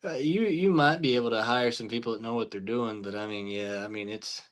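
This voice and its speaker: A man's voice: mid-range voice, brisk. A man being interviewed as a film director, speaking in a laid-back, agreeable way with folksy phrasing. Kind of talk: casual interview chat.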